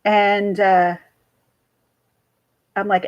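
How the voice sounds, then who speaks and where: A woman's voice: mid-range voice, very animated, slow, pauses often, rough recording. A woman, rambling chattily to her chat while hosting a casual livestream. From central New Jersey. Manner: rambling and chatty, jumps between stories. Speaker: livestream host.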